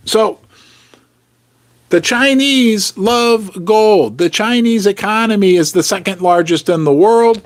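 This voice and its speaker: A man hosting a casual livestream, jokey and animated, reading out viewer comments. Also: sits high, takes it slowly. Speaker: host.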